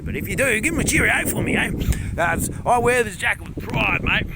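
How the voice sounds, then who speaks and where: Rambling Australian bushman, gravelly lively voice. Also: sits high, a little fast. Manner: broad larrikin bushman, rambling, laughing. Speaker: comedy character vlogger. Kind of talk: comic monologue to camera. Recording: noisy outdoor recording.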